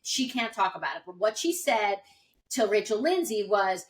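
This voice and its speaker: A woman's voice: mid-range voice, very animated, normal speed, distant mic, poor audio. A woman co-hosting a podcast in casual chat, explaining at length with frequent fillers. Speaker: podcast co-host.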